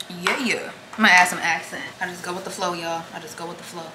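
A woman's voice: on the low side, fairly even intonation, quick pace, few pauses, background noise. A young woman vlogging while she cooks in her home kitchen, chatting to herself and her viewers. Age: young adult. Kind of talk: casual vlog chatter while cooking. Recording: echoey kitchen with clattering dishes. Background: cutlery and dish clatter.

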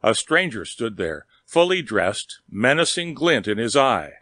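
Steady male audiobook narrator, dry sound. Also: mid-range voice, no echo. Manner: steady, measured storytelling. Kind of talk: audiobook reading.

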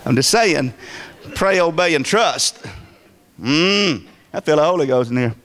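Pastor, male, folksy emphatic preaching, higher register, big swings up and down. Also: lively intonation, unhurried, a bit bright. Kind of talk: sermon.

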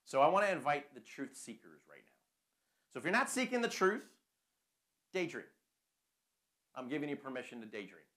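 A man's voice: fairly high pitch, very animated, moderate pace, long pauses, a bit bright. A man preaching a conversational sermon full of rhetorical questions.

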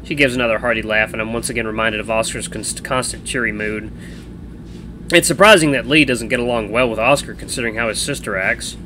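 A man streaming a game, reading the narration of a visual novel aloud in an animated way. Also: medium pitch, brisk, a little hiss or hum, low-quality recording. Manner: animated reading with changing voices.

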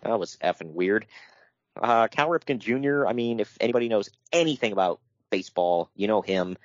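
A low-voiced man co-hosting a podcast, reading from notes and breaking off into dry, joking asides. He laughs easily as he goes. The sound is close and dry, with a slightly dull, muffled top end. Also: animated, fairly quick, no room sound. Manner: wry, laughs often, reads notes then riffs. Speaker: podcast co-host. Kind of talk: casual podcast chat.

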